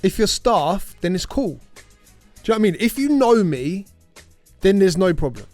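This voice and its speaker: A man co-hosting a casual podcast about DJing, talking in an animated, jokey way. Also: high-pitched, normal speed, no echo, soft background music. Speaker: podcast co-host, DJ. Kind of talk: casual chat.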